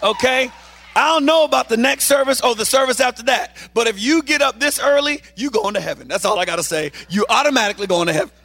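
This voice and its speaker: A man preaching a lively sermon to a church congregation, reading scripture and making playful asides, with a loud, animated delivery. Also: very high voice, quick pace. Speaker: guest preacher.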